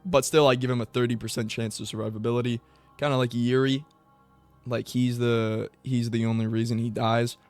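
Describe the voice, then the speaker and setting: Young man, casual solo commentary, rambling, profane, smooth voice, dry close mic. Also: no echo. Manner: rambling and profane, with bursts of high excited mock voices. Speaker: MMA commentary YouTuber.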